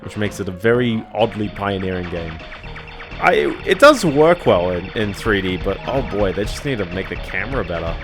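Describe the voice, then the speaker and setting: A man with a somewhat low voice gives relaxed commentary on a video game stream. He rambles and hedges, trailing off into chuckles. Game music plays clearly underneath him. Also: normal speed. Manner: rambling, hedging, chuckles to himself.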